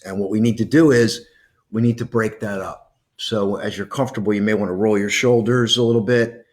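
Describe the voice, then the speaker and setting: A man hosting a video, guiding listeners through a calming breathing exercise in a gentle, coaxing way with soft pauses. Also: fairly low pitch. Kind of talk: guided breathing meditation.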